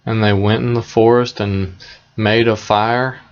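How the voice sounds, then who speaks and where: A man retelling a fairy tale in a plain, conversational, unhurried way, with small asides to the listener. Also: on the low side, little pitch movement, highs cut off. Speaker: storyteller.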